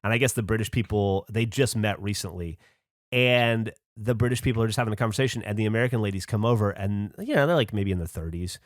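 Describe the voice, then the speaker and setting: A man hosting a podcast, telling a story in a casual, animated way with swearing and laughing asides. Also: on the low side, quick pace, no room sound, clean studio sound. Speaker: podcast host. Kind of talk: casual chat.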